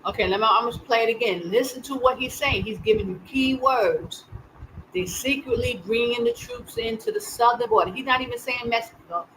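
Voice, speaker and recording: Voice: medium pitch, sing-song, fairly quick, a bit bright, slight background noise, poor audio. Urgent live-stream host. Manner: urgent, repetitive exhorting. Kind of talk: live news commentary.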